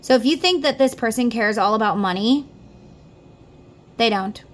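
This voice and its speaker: Her voice on the high side and her pace moderate, a middle-aged tarot reader offers a casual reading. She's earnest and heartfelt, talking straight to whoever is listening.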